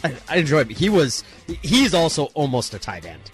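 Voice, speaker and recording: Brief: male sports radio co-host, wry and animated, slightly high voice, faint music under. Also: a little fast. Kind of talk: casual sports talk.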